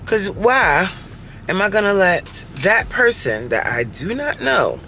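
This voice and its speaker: A woman in her forties, a fitness coach vlogging casually from her car, talking straight to viewers with lively rhetorical questions. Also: medium pitch, takes it slowly. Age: 40s. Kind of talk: casual chatty vlog while driving. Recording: faint car noise in background. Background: faint road and vehicle noise.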